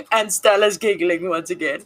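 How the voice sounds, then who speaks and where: A woman's voice: fairly low pitch, moderate pace, fairly bright tone, low-quality recording. A woman co-hosting a livestream, easygoing, chatting and answering viewers' comments. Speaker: livestream co-host. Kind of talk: casual livestream chat.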